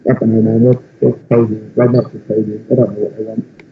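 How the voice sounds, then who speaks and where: A man's voice: fairly low pitch, level tone, fast, a little hiss or hum. A young man with an English accent chatting casually on a podcast, rambling and swearing with lots of fillers. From England. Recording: dull lo-fi recording.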